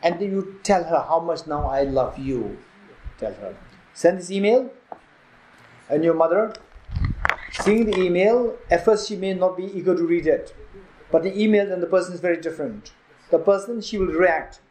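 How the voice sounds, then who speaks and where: Guy teaching dharma, kinda high voice, roomy echo. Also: normal speed, pauses often, darkish tone. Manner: storytelling with quoted dialogue, repeats phrases for emphasis. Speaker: Buddhist teacher. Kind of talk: dharma talk at a retreat. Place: retreat hall.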